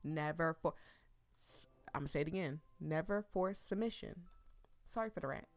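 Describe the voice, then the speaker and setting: A woman's voice: deep voice, fast talker, no room sound, soft background music. A woman giving chatty, ranting commentary while playing a visual novel. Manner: chatty and ranting, talks back to herself. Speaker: let's play streamer. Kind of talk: casual let's play commentary.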